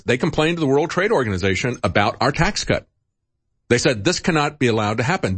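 A man hosting a political commentary show, talking in an animated, indignant and sarcastic way. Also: mid-range voice, no room sound. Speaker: radio host.

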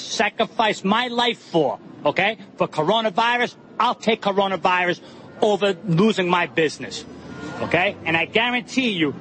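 A business owner speaking emphatically and defiantly. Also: male voice, sits high, a bit bright, slight background noise.

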